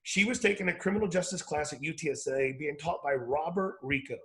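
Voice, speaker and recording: A man in his forties talks over a video call, his voice sitting a little high. He rambles and doubles back to correct himself as he tells stories from his career in education. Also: brisk, a bit bright, low-quality recording. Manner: rambling, self-correcting storyteller. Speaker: educator, organization founder. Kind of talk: casual video call conversation.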